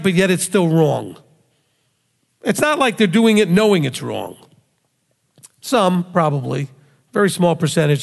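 A man preaching with a high-pitched voice, pressing his point with rhetorical questions and acting out the voices he quotes. His voice rings out with a long reverb behind it. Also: gravelly. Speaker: rabbi. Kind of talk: sermon.

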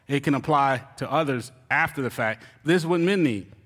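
A man, a church elder, giving a joking, animated sermon on marriage to his congregation. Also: medium pitch, normal speed. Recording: reverberant hall.

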